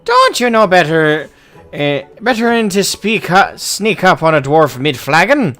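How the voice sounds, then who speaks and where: A boisterous old dwarf hunter, voiced by a man in a high, exaggerated brogue. He blusters and bellows with lively swings in pitch. The tone is bright and forceful. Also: moderate pace, faint music behind. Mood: indignant. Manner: hearty, blustering, loud greetings.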